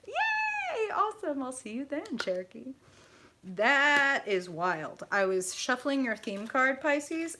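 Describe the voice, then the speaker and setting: A woman's voice: mid-range voice, heavy background noise. A woman hosting a live tarot reading, effusive and profane, chatting directly to her viewers.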